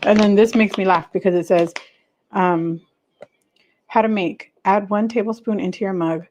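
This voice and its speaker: A woman's voice: medium pitch, steady tone, normal speed, a little mellow, slight background noise, poor audio. A middle-aged woman chatting casually on a home livestream, rambling and talking to viewers by name while she makes coffee. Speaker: livestream host.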